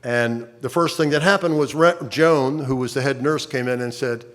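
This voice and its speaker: An older man speaking into a stage mic at a conference, telling his own story. His voice sits at a middling pitch, and his delivery is conversational, with wry asides and frequent halting restarts. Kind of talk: personal testimony talk.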